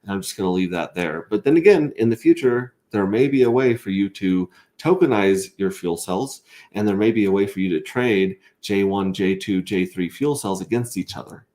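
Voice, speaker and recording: A man with a somewhat low voice runs a casual livestream and reads out viewers' comments. He talks excitably and rambles, tripping over his words and restarting sentences as he goes. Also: normal speed, few pauses. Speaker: livestream host.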